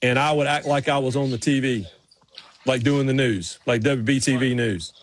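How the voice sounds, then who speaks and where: A man's voice: medium pitch, moderate pace, a little hiss or hum. A man with a Southern US accent from North Carolina, co-hosting a radio show in playful, rambling banter. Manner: playful, rambling, lots of restarts. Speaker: co-host.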